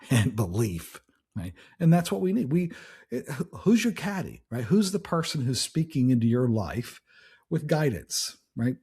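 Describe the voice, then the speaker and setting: A man's voice: medium pitch, darkish tone, breathy edge. A man hosting a podcast, giving a casual motivational talk in a conversational way, with frequent restarts and "right?" tags. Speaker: podcast host.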